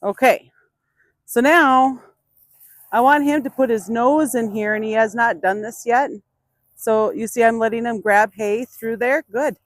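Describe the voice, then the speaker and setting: A woman trainer gives a hands-on demonstration outdoors. She explains each step to viewers and talks softly and patiently to the animal. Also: on the high side, unhurried, dry recording, clean studio sound. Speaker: burro trainer.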